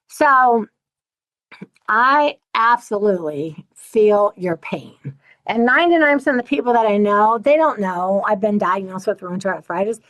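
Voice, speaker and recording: A middle-aged woman hosting her own channel, talking candidly to viewers and acting out other people's lines in an animated way. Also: mid-range voice, moderate pace, low-quality recording. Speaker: channel host. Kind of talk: personal talk to camera.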